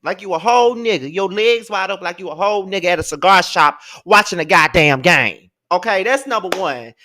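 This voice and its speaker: A man's voice: sits high, animated, a little fast, bright, forceful tone. A man giving a casual rant as a commentator, sassy, profane and emphatic.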